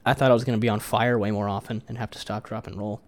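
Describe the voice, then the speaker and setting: A man's voice: lowish voice, level tone, fast. Blunt man swearing in casual chat. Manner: blunt, profane, argumentative.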